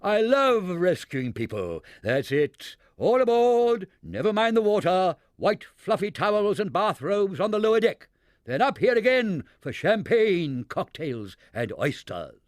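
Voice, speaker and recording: A man doing a booming, jovial rich bear. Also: sing-song, measured pace, dry recording, studio quality. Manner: booming and delighted. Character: jovial, wealthy male bear cousin.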